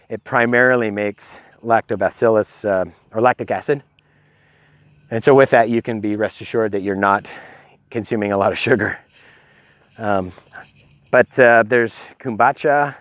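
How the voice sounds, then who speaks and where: This is a casual filmed talk by a middle-aged health-advice vlogger whose voice sits fairly low, recorded with no room sound. He rambles into a stabilized handheld phone, breathless and full of ums.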